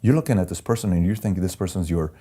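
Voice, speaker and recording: Speaking fast in a low voice, an Iranian man appears as an interview guest and shares candid personal stories in conversation. He's an animated storyteller who acts out the voices of the people he quotes.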